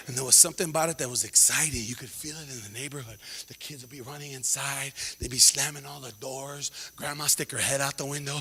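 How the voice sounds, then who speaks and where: A man doing a stand-up comedy set, animated and laughing as he acts out voices. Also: medium pitch, fast talker, hardly any pauses, husky, long reverb tail.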